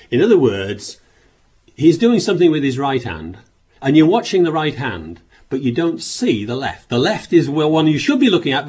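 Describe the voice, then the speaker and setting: Husky guy preaching, swoops up and down a lot, emphatic, keeps asking questions. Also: mid-range voice, darkish tone. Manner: emphatic, rhetorical questions, repeats words. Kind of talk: sermon with scripture reading.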